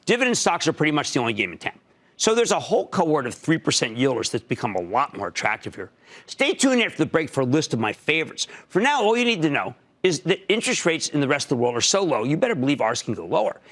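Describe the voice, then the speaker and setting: A man hosting a TV financial commentary show, delivering an emphatic monologue with sudden loud jumps. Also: a little high. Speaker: TV market commentator. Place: TV studio.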